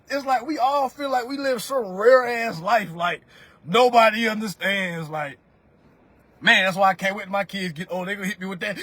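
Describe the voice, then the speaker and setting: A livestreamer in his thirties gives money advice through a phone microphone, his high-pitched voice pushed and bright and a little fast, with no echo. He rants in a preachy, profane manner, talking right to his viewers and calling them family.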